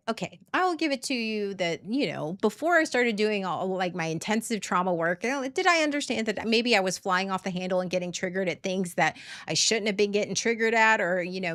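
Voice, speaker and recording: A woman's voice: medium pitch, fairly bright tone, no room sound, studio quality. A woman in her thirties, a parent, speaking bluntly and emphatically to camera, swearing freely as she vents. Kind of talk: candid personal rant.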